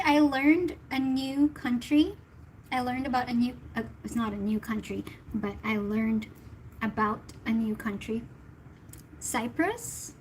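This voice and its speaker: A woman's voice: a little high, slight background noise, poor audio. A woman from the Philippines, a tarot reader chatting casually with her livestream viewers in a giggly, talkative way.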